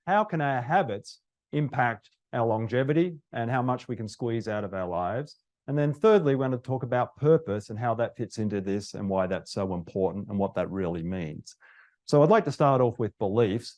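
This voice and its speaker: A man's voice: mid-range voice, expressive, normal speed, a little mellow. Polite man moderating a panel. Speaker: host, real estate agent.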